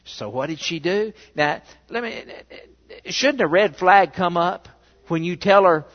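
This sermon comes from a male pastor whose voice sits fairly high and moves at an unhurried pace. He brings his stories to life and throws out rhetorical questions, all captured in a muffled, booming church recording.

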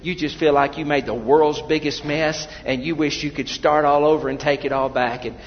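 A man's voice: on the high side, fairly even intonation, moderate pace, big-room sound, lo-fi sound, a little hiss or hum. A man preaching a sermon in a church, talking conversationally, telling personal stories and often restarting his sentences. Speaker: pastor.

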